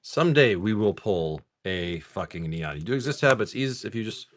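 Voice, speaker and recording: A man's voice: fairly low pitch, animated, fairly quick. A man hosting a live card-pack opening stream, chatting casually with viewers and swearing freely. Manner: loose and talkative, swears casually, talks to chat.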